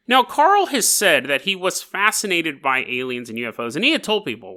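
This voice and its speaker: A podcast host with a fairly high, brisk voice and barely any pauses retells a strange story, cracking jokes and acting out the quotes with lots of animation.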